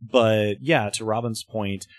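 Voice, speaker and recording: A man's voice: fairly low pitch, fairly even intonation, takes it slowly, dry recording, studio quality. A man co-hosting a casual podcast chat, rambling with fillers and easy laughs. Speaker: podcast co-host.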